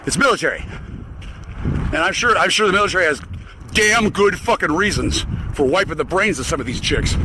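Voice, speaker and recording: Angry high-voiced man through a vocoder. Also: lively intonation, a little fast, background noise. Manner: angry, profane, swearing constantly. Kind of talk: solo ranting monologue.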